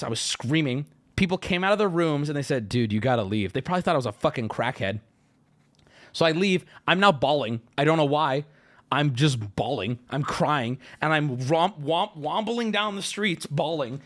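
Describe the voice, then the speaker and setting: A man's voice: a little high, lively intonation, normal speed, a bit bright. A man streaming live, telling stories and ranting at his chat in a profane, stammering, riled-up way. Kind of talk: casual livestream rant.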